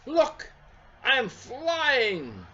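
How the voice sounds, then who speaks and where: A man voicing a cheerful, optimistic little toy teddy bear that squeals with excitement. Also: very high-pitched, drawn-out words, slightly rough, dull audio, pitched above the performer's own voice, exaggerated voice. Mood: excited.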